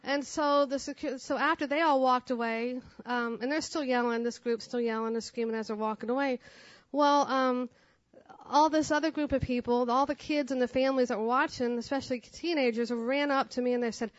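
A woman's voice: high-pitched, fairly even intonation, brisk, no room sound, dull audio. Rambling woman telling a testimony. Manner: rambling, breathless retelling with many fillers. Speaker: guest giving a testimony. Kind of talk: personal testimony storytelling. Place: conference breakout session.

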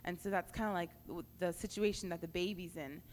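A young woman on a youth panel giving halting testimony with many fillers and restarts. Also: on the low side, steady tone. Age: young adult. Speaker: panel speaker. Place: large hall at a youth camp. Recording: echoey hall, faint background noise.

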